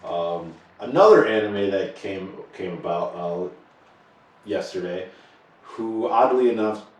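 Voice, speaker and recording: A man co-hosting a podcast in casual chat, talking haltingly with many pauses and restarts. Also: deep voice, animated. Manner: halting, many fillers and restarts, laughs often. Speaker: podcast co-host. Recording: echoey room, far from the mic.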